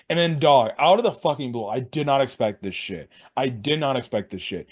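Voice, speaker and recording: Excitable, foul-mouthed young man recapping. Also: mid-range voice, fairly quick, few pauses. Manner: excitable, heavy swearing, slangy. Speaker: wrestling show reviewer. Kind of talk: casual sports recap.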